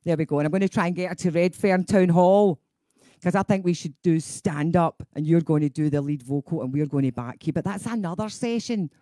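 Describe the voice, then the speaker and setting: A woman's voice: lowish voice, brisk, warm tone, no echo, clean studio sound. A middle-aged woman with a Scottish accent, a singing teacher hosting a casual live stream, chatty and laughing, going off on tangents.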